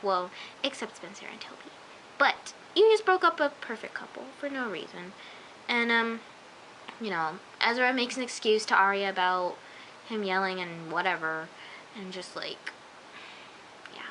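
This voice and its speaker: A woman's voice: medium pitch, normal speed, bright, forceful tone, slight background noise, rough recording. A young woman chattily recapping a TV episode, full of "like" and "oh my gosh", now and then dropping into a whisper. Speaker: show reviewer.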